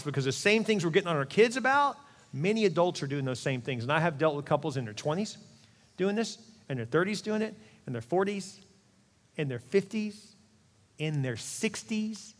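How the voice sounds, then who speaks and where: A middle-aged man, a pastor, preaching an animated, conversational sermon with quick asides in a large church auditorium. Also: fairly high pitch. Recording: long hall reverb.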